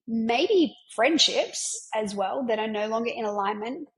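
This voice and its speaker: A woman in her thirties talks through a podcast monologue with a slightly high voice. She sounds enthusiastic and chatty, and she keeps tossing in "right?" as she mentors her listeners. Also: low-quality recording. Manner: enthusiastic, chatty, frequent tag questions. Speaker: podcast host and business mentor. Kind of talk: casual monologue.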